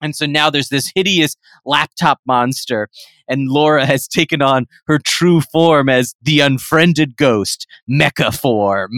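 A man's voice: medium pitch, measured pace, a bit bright, no room sound. A man co-hosting a comedy podcast, narrating an absurd story in a playful way. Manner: playful, breaks into laughter while narrating. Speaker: podcast co-host.

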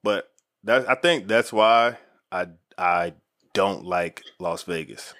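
A man's voice: low-pitched, slow pace, a bit bright. Laid-back slangy man telling a story. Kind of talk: casual storytelling.

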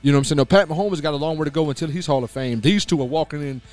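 A man's voice: on the high side, racing, a little mellow, soft background music. A man hosting a sports talk radio show, blunt and opinionated, leaning on filler phrases as he rants.

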